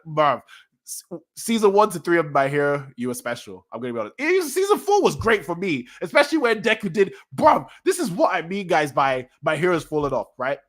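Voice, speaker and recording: A man streaming a casual manga reaction, rambling excitedly and correcting himself as he goes. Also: medium pitch, brisk. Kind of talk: casual live-stream talk.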